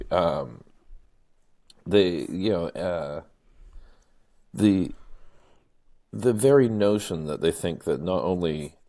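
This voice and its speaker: A man co-hosting a casual political discussion podcast, talking in a measured, analytical way with frequent pauses. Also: low-pitched, mellow. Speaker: podcast co-host.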